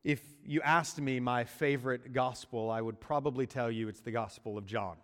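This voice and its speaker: A man preaching a sermon, using dramatic pauses and dropping to hushed endings on key words. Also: mid-range voice, fairly even intonation. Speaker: pastor. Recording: long hall reverb.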